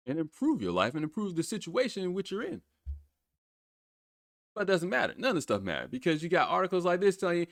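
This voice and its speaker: A man hosting a solo podcast, ranting with profanity and laughing at his own remarks. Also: on the high side. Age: adult with children. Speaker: podcast host. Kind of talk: solo opinion podcast rant.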